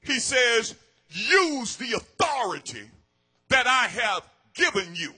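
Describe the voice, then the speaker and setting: A preacher man with a strikingly high, bright voice. He preaches slowly and deliberately, repeating himself and rising into shouts. His delivery is drawn out, with words stretched across each phrase. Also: very animated, breathy edge, faint music behind. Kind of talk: sermon.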